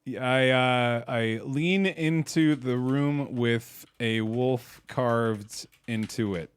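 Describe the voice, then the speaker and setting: A man's voice: medium pitch, takes it slowly, clean tone. A man in a casual gaming video, laughing, thinking aloud and reacting as he plays a text adventure game. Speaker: game streamer.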